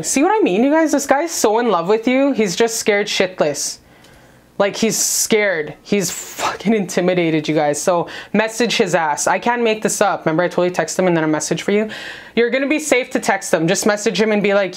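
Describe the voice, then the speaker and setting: A woman's voice: on the low side, animated, normal speed. Brash, profane woman giving a pep-talk reading. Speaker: tarot reader. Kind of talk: casual spiritual reading to camera.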